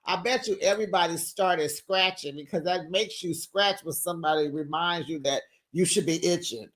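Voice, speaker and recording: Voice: mid-range voice, moderate pace, fairly bright tone. Sassy chatty recap host. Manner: sassy, chatty, laughs often, talks to viewers directly. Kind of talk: casual gossip commentary.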